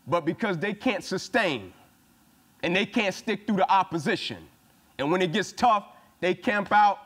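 A man's voice: high voice, a bit bright. A man giving a punchy, emphatic motivational speech to a football team, repeating his phrases for emphasis. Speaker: motivational speaker.

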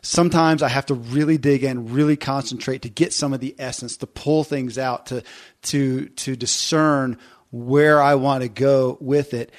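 A man's voice: mid-range voice, fairly even intonation, normal speed. A man hosting an interview podcast, speaking in a reflective, encouraging way. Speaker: podcast host. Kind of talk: interview conversation.

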